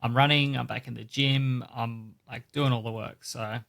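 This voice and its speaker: A man from Australia co-hosting a podcast in casual chat, relaxed and self-deprecating, often trailing off quietly. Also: medium pitch, moderate pace, gravelly. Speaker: podcast co-host.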